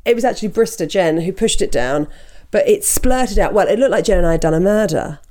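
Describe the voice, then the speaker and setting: A woman co-hosting a podcast, chatting casually and telling animated stories with frequent laughter. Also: medium pitch, brisk. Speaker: podcast co-host. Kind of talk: casual chat.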